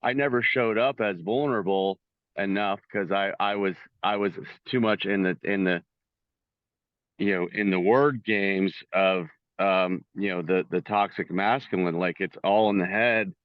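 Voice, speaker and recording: A man with a slightly low voice hosts a songwriting circle over a video call, thinking aloud with many restarts and fillers. The call audio is dry and dull, with no room sound. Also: unhurried, no echo. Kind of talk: reflective casual talk.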